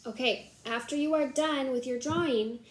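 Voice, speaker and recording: A woman's voice: high-pitched, moderate pace. A woman teacher giving young students an assignment in an upbeat, encouraging way. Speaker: classroom teacher. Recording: echoey room.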